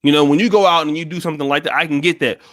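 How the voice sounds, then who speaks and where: A man's voice: fairly high pitch, steady tone, racing, a bit bright, no room sound, clean studio sound. An American man giving blunt, profane commentary on a live stream, with many restarts. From United States. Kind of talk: casual livestream commentary.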